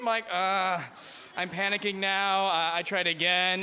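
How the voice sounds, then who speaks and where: A man's voice: high-pitched, moderate pace, sharp tone, a little hiss or hum. A male stand-up comedian delivers a rambling, self-deprecating set on a club stage into a handheld mic, often slipping into voices.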